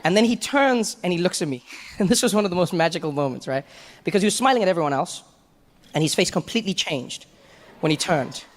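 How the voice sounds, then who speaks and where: A stand-up comedian from Africa tells a long, funny story on a comedy club stage, animatedly jumping into voices as he goes. His voice sits high and moves quickly. The sound is big-roomed, with a little hiss or hum.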